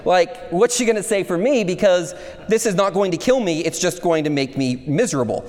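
A man with a high voice preaches in a large hall, and his words trail off in a long reverb. He tells a personal story, then moves into an easygoing, conversational teaching style. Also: lively intonation, brisk, darkish tone. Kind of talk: chapel sermon.

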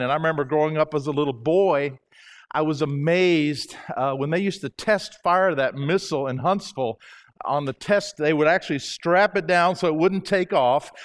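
An older man from Alabama gives a chapel talk. His voice sits fairly high. He keeps it jokey and chatty, drawing the audience in. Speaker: guest speaker.

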